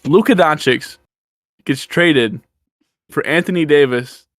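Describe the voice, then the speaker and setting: A man's voice: a little high, takes it slowly, no room sound. Male sports podcast co-host, laid-back and chatty, dry close mic. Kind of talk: casual sports podcast chat.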